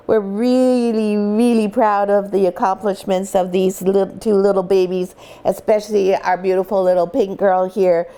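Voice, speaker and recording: A woman's voice: medium pitch, warm tone. A middle-aged woman, a dog breeder, casually explaining things in a home vlog, chatty and full of fillers and restarts.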